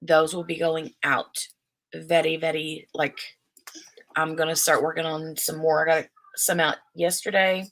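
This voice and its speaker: A woman's voice: low-pitched, level tone, unhurried, fairly bright tone, poor audio. A woman hosting a casual crafting live stream from home, rambling and chatty, restarting her thoughts as she goes. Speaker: crafting channel host. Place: at home, seated in her chair. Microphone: desk microphone.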